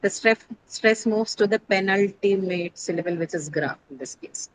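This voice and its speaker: A woman teaching pronunciation in a classroom. She explains step by step, quizzes her students, stops to correct herself and often pauses on fillers. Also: mid-range voice, background noise.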